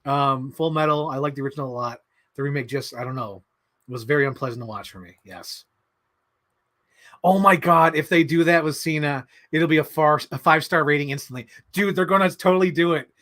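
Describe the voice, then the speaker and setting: A man hosting a casual livestream, answering chat in an animated, excitable way with many fillers. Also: on the high side, a little fast. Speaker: livestream host reading chat.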